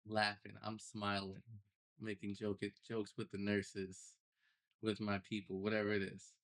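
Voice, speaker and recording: A young man, a podcast guest, telling his personal story in a casual, animated way with loose slang. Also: lowish voice, a little slow. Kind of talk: storytelling interview.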